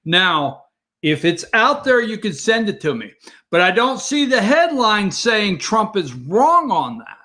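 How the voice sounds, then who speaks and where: A man hosting a morning show, giving casual political commentary in an excitable way and calling cues to his producer. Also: high voice, measured pace. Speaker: host.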